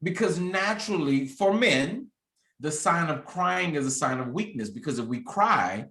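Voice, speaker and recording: A man's voice: on the high side, expressive, moderate pace, sharp tone, reverberant, low-quality recording. A man in his thirties hosting a casual conversation, talking candidly and reflectively and often restarting his sentences. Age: 30s. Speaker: podcast host.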